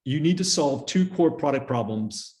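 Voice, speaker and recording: A middle-aged man giving a casual lecture with slides, telling stories quickly with fillers and small laughs. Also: a little high, expressive, a little mellow. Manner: fast, chatty storytelling with fillers and laughs. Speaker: guest speaker teaching interview skills.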